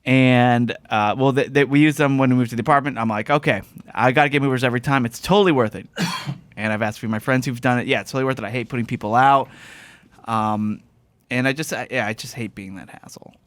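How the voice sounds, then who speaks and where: Man, podcast host, rambling story, laughs often, mid-pitched, dry close mic. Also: steady tone, fast, a bit bright, clean tone, no echo. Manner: rambling anecdotal, laughs a lot. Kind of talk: casual chat, storytelling.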